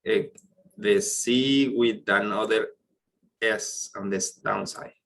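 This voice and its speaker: A man's voice: lowish voice, steady tone, takes it slowly, gravelly, a bit bright, poor audio. A man teaching French in an online class, explaining pronunciation step by step and praising students' questions, speaking English with non-native phrasing over a computer mic.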